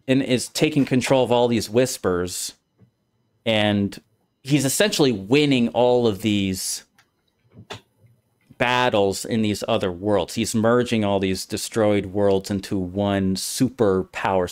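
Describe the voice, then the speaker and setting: A man streaming a casual discussion, rambling through his explanation with many restarts. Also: on the low side. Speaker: streamer, host.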